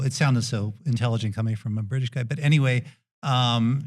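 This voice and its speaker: Man, Brooklyn accent, middle-aged, nonchalant, gentle, halting podcast storytelling. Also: medium pitch. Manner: nonchalant, gentle, many hesitations. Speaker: guest dentist and endurance athlete. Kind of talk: relaxed anecdotal storytelling.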